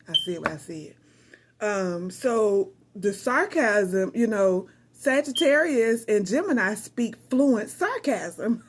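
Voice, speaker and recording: A loud, talkative woman recording an unedited personal reflection, rambling between laughter and tears with a sassy, direct edge. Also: on the high side, slightly rough. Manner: emotional, laughing through tears. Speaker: vlogger reflecting on grief.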